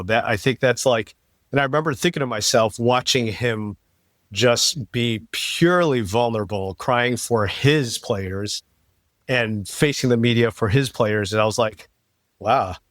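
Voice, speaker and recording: A man co-hosting a podcast, telling an animated story in a casual chat and laughing often. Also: on the low side, moderate pace, no echo. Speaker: podcast co-host.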